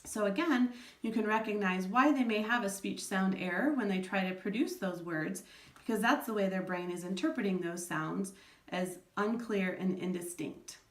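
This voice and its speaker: Woman, patient teaching voice, slow sounding-out of syllables, roomy echo, set back from the mic. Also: medium pitch, far from the mic. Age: adult parent of school-age children. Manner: patient, explains step by step, sounds words out slowly. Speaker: educator giving parenting advice. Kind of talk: instructional talk to parents.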